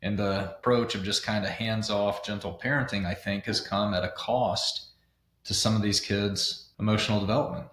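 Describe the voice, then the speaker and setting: A blunt, opinionated man co-hosts a podcast and lays out his views plainly. His voice sits a little on the low side. The recording has a roomy echo around it. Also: steady tone, moderate pace, fairly bright tone. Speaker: podcast co-host. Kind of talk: conversational podcast discussion.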